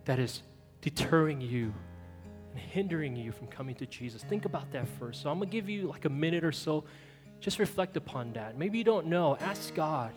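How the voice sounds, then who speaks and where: A man preaching a sermon as pastor, earnest and pleading, leading the church in prayer. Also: fairly high pitch. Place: church hall. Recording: long reverb with soft guitar music behind.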